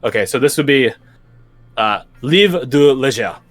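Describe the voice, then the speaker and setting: A man's voice: mid-range voice, lively intonation, unhurried, soft background music. Rambling young man running a tabletop game. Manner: rambling, many fillers and restarts. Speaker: game master.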